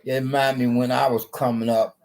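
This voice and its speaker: A man's voice: medium pitch, flat delivery, fairly quick, gravelly, a little mellow, poor audio. A man rambling through a solo social media broadcast, often repeating himself and restarting his sentences.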